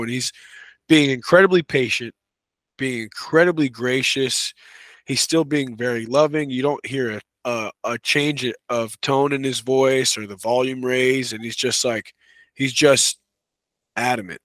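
A man's voice: mid-range voice, normal speed, no room sound. Chatty man coaching talk, dry mic. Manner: relaxed, chatty, many fillers like "you know" and "right". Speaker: wrestling coach, podcast guest. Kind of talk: casual conversational interview.

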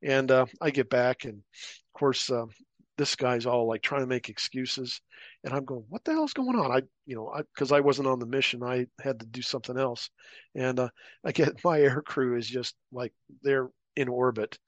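A middle-aged man spins a casual war anecdote, jumping into higher voices whenever he quotes someone. His voice sits at an ordinary middle pitch, and the mic is close, with a dry, dead sound. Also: moderate pace, dry recording, lo-fi sound. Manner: animated anecdotes, acting out quoted voices, laughing. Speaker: podcast guest, former paramilitary officer. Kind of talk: casual storytelling interview.

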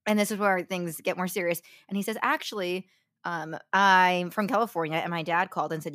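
A young woman co-hosting a podcast, animated and jokey in casual chat. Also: fairly low pitch. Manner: animated, fast-talking, jokey. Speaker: podcast co-host.

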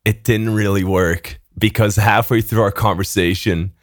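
A man's voice: on the low side, moderate pace, no room sound, studio quality. Young man telling a story, swearing. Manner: animated, swearing, laughs mid-story. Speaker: podcast co-host. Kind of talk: casual storytelling chat.

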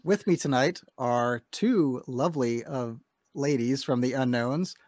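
A man's voice: medium pitch, a little slow, darkish tone, no echo, studio quality. A man hosting a casual podcast, opening with mock-formal welcomes and joking with guests. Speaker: host.

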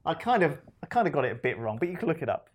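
A man's voice: fairly high pitch, sing-song, very fast, slight background noise. A man co-hosting a casual chat, telling a rambling story with restarts and reading bits aloud.

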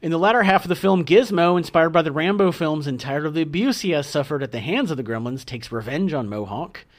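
Lively man reading film trivia. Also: on the high side, fast. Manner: reads notes aloud with chatty asides. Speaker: podcast co-host. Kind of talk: casual podcast chat reading film trivia.

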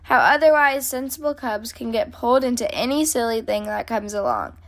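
A woman reading a storybook aloud and voicing a patient, bemused father bear with a calm, dry manner. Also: on the high side, normal speed.

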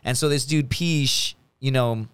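A man's voice: mid-range voice, unhurried, clear, resonant tone. A man, a podcast guest, telling a profane story in casual chat, acting out the voices in it. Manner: animated, profane, acts out quotes.

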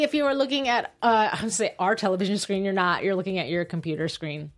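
A woman's voice: medium pitch, brisk, few pauses. A young woman co-hosting a live online show, chatting casually, laughing easily and making self-deprecating asides. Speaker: co-host.

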